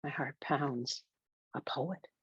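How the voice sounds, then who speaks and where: A woman's voice: very deep voice, takes it slowly, breathy edge, no echo. A woman narrating a first-person novel in a confessional, wry way, in a muffled lo-fi recording. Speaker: audiobook narrator. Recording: dull, dry lo-fi recording.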